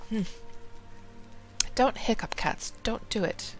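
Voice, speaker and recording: A woman's voice: on the high side, takes it slowly, soft background music. A woman streaming a game live, chatting casually in a rambling way, often talking to herself and greeting her viewers.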